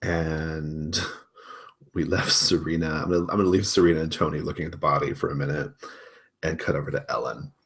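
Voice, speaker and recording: A man's voice: very deep voice, steady tone, a little fast, vocal fry. A man running a tabletop role-playing game as game master, narrating in a casual, rambling way and laughing often.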